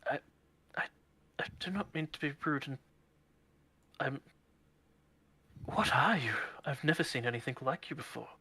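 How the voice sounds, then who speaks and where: A man voicing a groggy, bewildered young woman who has just woken, speaking softly and hesitantly. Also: mid-range voice, moderate pace, long pauses, breathy edge, full character voice. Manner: soft, hushed, hesitant.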